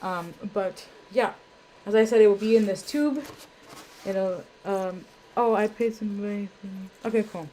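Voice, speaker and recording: A woman's voice: mid-range voice, measured pace, warm tone, a little hiss or hum. A young woman hosting an art auction live stream at home, chatting casually with lots of ums and self-deprecating tangents. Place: home room. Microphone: webcam.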